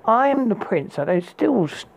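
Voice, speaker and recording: A man's voice: sits high, big pitch swings, normal speed, vocal fry, voice pushed up, full character voice, rough recording. A man doing a proud young prince. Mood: indignant. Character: proud young prince, impatient and easily flustered.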